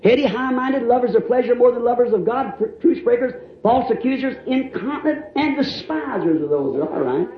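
A man preaching a sermon in a folksy storytelling way, laughing and rising to shouts. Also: very high-pitched, animated, a little fast, few pauses, a little hiss or hum. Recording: dull, roomy old church recording.

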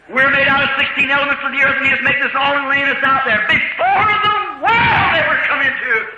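A man preaching an old-time revival sermon in a folksy storytelling way, dropping to low asides and rising to shouted cries. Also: fast talker, a little hiss or hum. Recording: dull old recording, roomy, with a crowd.

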